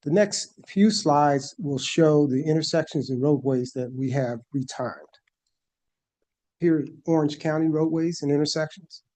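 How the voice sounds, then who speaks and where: Man presenting to a board, mellow voice. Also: on the high side, unhurried. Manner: methodical, explaining slide by slide. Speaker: staff presenter at a planning board meeting. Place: board meeting room.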